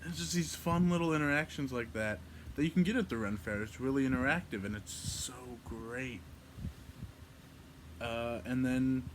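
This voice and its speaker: Young guy chatting about his day, animated, mid pitch, bit of hiss behind. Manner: animated, acts out quotes in a mock-medieval voice. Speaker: vlogger. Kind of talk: casual storytelling.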